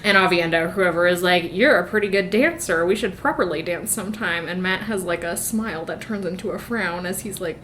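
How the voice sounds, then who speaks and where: A woman co-hosting a podcast, recapping a book in casual chat, jumping into quick voiced lines for the characters, swearing and laughing as she goes. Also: lowish voice, a bit bright, a little hiss or hum. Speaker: podcast co-host.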